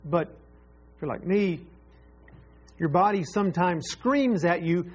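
Guy preaching a sermon, kinda high and husky, earnest, says stuff twice for emphasis. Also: animated, takes it slowly, pauses often. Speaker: pastor.

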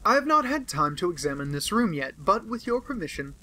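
A man reading an audiobook and voicing a sharp, amused male detective who presses with pointed questions. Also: high-pitched, big pitch swings, brisk, exaggerated voice, low-quality recording. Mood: polite. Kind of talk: audiobook character voice.

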